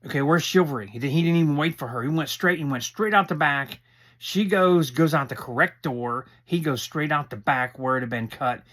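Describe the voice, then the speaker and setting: Man, slightly high voice, rambling casual recap, restarts and asides. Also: moderate pace, a bit bright. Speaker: show recap host.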